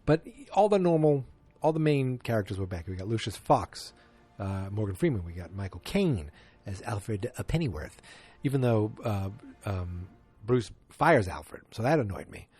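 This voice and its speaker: Low-voiced man, casual rambling podcast host. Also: sing-song, normal speed, a little mellow, husky, faint music behind. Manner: rambling, loose, full of fillers and restarts. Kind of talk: casual movie review podcast.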